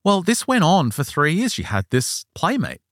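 A man hosting a podcast, telling an eyewitness story in a casual, animated way and acting out the quoted lines. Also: fairly high pitch, moderate pace, no room sound, clean studio sound. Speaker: podcast host. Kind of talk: casual chat, retelling an eyewitness account.

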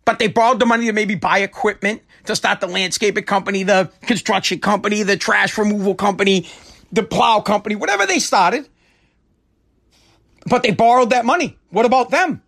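A man's voice: sits high, fairly quick, creaky, fairly bright tone. A middle-aged man in a heated, profane rant, often stumbling and restarting his sentences. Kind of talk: angry political rant.

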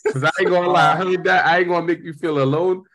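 A man's voice: sits high, steady tone, quick pace. A man chiming in casually with candid slang. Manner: loud, candid slang chatter. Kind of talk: casual chat.

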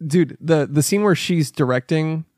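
A podcast co-host with a slightly mellow, higher-side voice speaks at a moderate pace in a dry, studio-quality recording with no room sound. Chatting casually about films, he tells rambling stories and laughs often.

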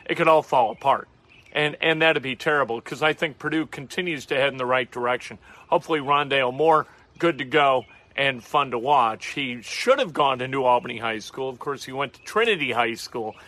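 A man's voice: medium pitch, brisk, bright, forceful tone. A man hosting a sports talk show, giving emphatic, chatty opinions and often repeating words as he restarts. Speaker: sports radio host.

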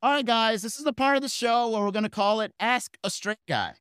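A man's voice: fairly quick, fairly bright tone, clean tone, no echo, clean studio sound. A man doing a teasing bingo host lady. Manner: raised-pitch mocking impression. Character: teasing tall woman bingo host at a bar.

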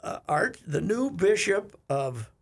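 A man's voice: high-pitched, very animated, slow. A man co-hosting a casual talk show, telling rambling stories with many halts and fillers. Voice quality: gravelly and husky. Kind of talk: casual chat.

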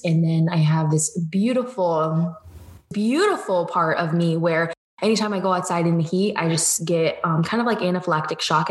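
A woman in her twenties from Georgia, USA, chatting casually as a podcast guest, laughing often and acting out her own quotes. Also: on the low side. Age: 20s. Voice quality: animated, laughs often, quotes herself in lively voices. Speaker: guest, business coach. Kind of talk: casual interview chat.

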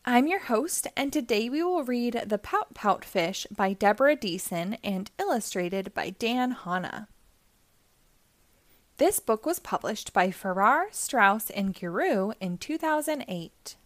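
A woman's voice: on the high side, expressive, unhurried, dry recording. A woman hosting storytime, reading a rhyming children's book aloud in a sing-song manner. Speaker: storytime host.

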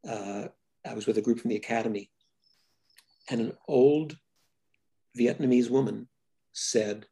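An older man with a gravelly, husky voice answers interview questions about his own work. He speaks thoughtfully, often stopping and restarting his sentences. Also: medium pitch, unhurried, pauses often, mellow. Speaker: filmmaker guest.

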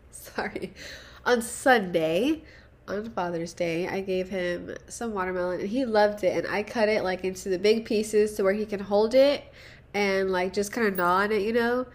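A woman's voice: mid-range voice, unhurried. A young woman hosting a casual solo podcast, rambling and profane, self-deprecating, with nervous laughs. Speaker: podcast host.

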